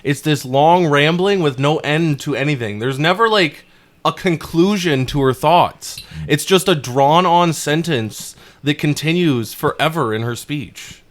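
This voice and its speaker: A man's voice: a little high, a little slow. A man hosting a podcast, ranting bluntly and profanely in casual chat. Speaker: podcast host.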